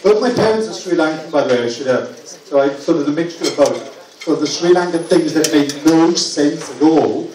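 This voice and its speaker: A man's voice: on the high side, moderate pace, slight background noise. A middle-aged man doing a stand-up set, chatty and often asking the crowd for agreement, on a club stage with a handheld mic. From England. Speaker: stand-up comedian. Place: comedy club stage with live audience. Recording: echoey club, far mic, loud crowd.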